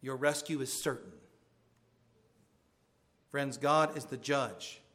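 A man's voice: medium pitch, takes it slowly, fairly bright tone. A male pastor preaching a sermon with earnest emphasis, his voice rising on pointed questions.

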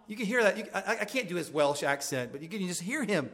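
A pastor delivers a sermon in a slightly higher-than-usual male voice. He preaches with earnest emphasis and pushes his voice up on pointed questions to the congregation. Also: expressive, fast, few pauses, a bit bright.

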